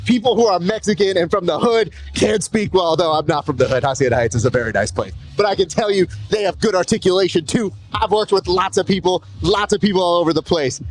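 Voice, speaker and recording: A man's voice: high voice, quick pace, few pauses, faint music behind. A man from Southern California interviewing a fighter in casual, joking banter full of slang. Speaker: interviewer, executive producer.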